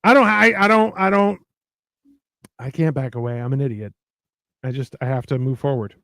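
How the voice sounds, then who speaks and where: With a creaky, mid-range voice at normal speed, a middle-aged man co-hosting a cooking stream chats casually as he cooks. He tells animated stories, swears, and acts out the lines of the people in them, and there's no room sound.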